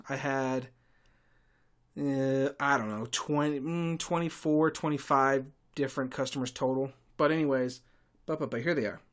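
A man hosting a podcast, telling stories in a sarcastic, irritable monologue with sudden loud outbursts. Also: fairly high pitch. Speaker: podcast host and tour guide. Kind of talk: casual ranting monologue.

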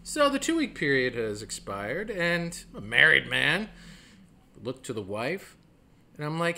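A man with a very bright, high, cutting voice tells a comic story straight to the camera at home. He swings into the other people's lines with sudden jumps in pitch and loudness, animated from line to line. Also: unhurried, gravelly. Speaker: stand-up comedian telling a personal story. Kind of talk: comedic storytelling monologue. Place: home, by the front door.

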